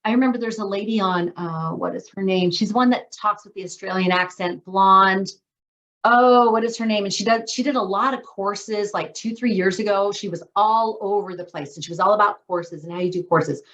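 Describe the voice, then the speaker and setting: A woman's voice: mid-range voice, moderate pace, fairly bright tone. A woman hosting a writers' training call in a casual, enthusiastic way, with emphatic asides. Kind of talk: casual video-call discussion. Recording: dull lo-fi call audio.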